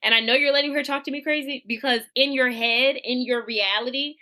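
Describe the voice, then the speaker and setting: A woman's voice: high voice, steady tone, a little fast, bright, forceful tone, dry recording. A young woman co-hosting a podcast, telling a work story in casual chat and swearing freely. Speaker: podcast co-host.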